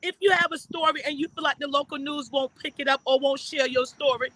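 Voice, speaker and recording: A woman hosting a live stream delivers the news with earnest emphasis, leaning hard on key points. Her voice sits high and rings bright and forceful. The sound is dry and close. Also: little pitch movement, a little fast, dry recording, low-quality recording. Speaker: livestream host and citizen reporter. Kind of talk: live news-style livestream.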